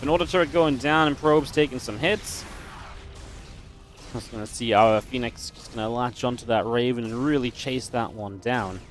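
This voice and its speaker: A man casting a strategy game match, chatty and analytical, breaking into easy laughs. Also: mid-range voice. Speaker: esports caster. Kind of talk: play-by-play game commentary.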